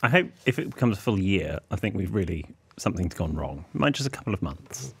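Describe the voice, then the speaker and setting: A man's voice: low voice, big pitch swings, fast talker, fairly bright tone, slight background noise. A man co-hosting a casual podcast, teasing and playful with his partner. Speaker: podcast co-host. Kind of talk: casual chat.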